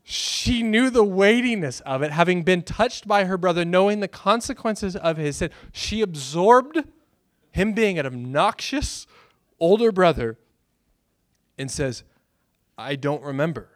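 A pastor, preaching a sermon and telling stories with bursts of loud excitement. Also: male voice, high-pitched, unhurried, dry recording, clean studio sound.

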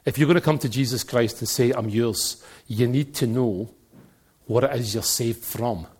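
A middle-aged man with a Glaswegian accent preaching a sermon, telling animated stories and jokes and now and then breaking into shouts. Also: mid-range voice, normal speed, slightly rough.

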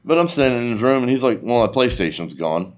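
A man's voice: mid-range voice, fast, crowd noise. A man telling a long story in a casual chat, swearing freely and acting out the dialogue. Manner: profane, animated storytelling with quoted dialogue.

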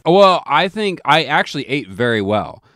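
A man's voice: a little high, sing-song, normal speed, fairly bright tone, no echo. A man chatting casually as a podcast co-host, rambling and profane, with lots of restarts as he tells a story. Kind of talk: casual chat.

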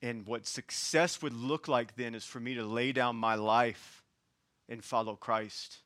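A man with a Southern US accent preaching a sermon as pastor, passionately shifting between hushed and raised delivery. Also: medium pitch, fairly even intonation, measured pace, dry recording, clean studio sound.

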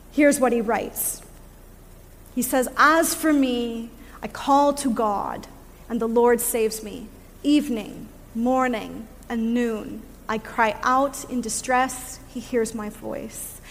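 A woman giving a sermon in a reflective way, pausing on fillers and laughing softly now and then, recorded in a church. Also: fairly high pitch, long reverb tail. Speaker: preacher. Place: church sanctuary.

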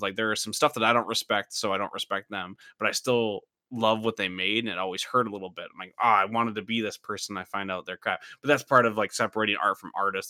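Young man, podcast host, bright forceful voice, rambling, dry close sound. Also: lowish voice, no room sound. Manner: rambling, laughs often, many fillers. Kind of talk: casual podcast chat.

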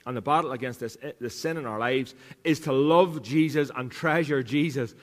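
A man's voice: medium pitch, normal speed, in a large hall. A man preaching a sermon as pastor, earnest, repeating key lines for emphasis. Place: church.

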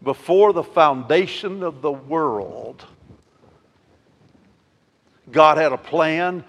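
A male pastor preaching a sermon. He swings between loud, emphatic declarations and quiet, intimate asides, and asks the congregation rhetorical questions. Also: on the high side, expressive, extremely slow, pauses often. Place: church sanctuary. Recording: long hall reverb.

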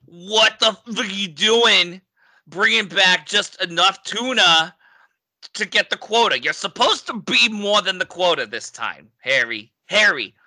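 A man voicing a gruff, scolding middle-aged New fishing boat captain, loud and drawn out. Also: high voice, animated, measured pace, pitched above the performer's own voice, heavily acted, rough recording. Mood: berating.

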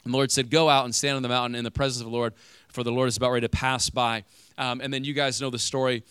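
A man's voice: mid-range voice, little pitch movement, rapid-fire, fairly bright tone, clear, resonant tone, no room sound. A man preaching a sermon to a congregation in a conversational way, asking them questions as he retells a Bible story. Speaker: pastor.

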